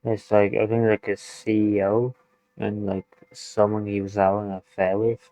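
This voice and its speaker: British reactor with a low voice, chatty and giggly, recorded dry and close. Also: male voice, little pitch movement, moderate pace, mellow, dry recording, poor audio. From United Kingdom. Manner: loose and chatty, laughs easily, hedges with "like". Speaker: reaction video host. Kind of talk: casual reaction commentary.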